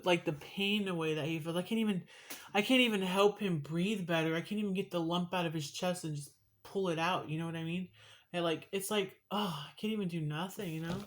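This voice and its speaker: A woman talking to her viewers in a casual home vlog, emotional and rambling, swearing casually. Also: fairly low pitch. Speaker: vlogger. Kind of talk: casual vlog while eating.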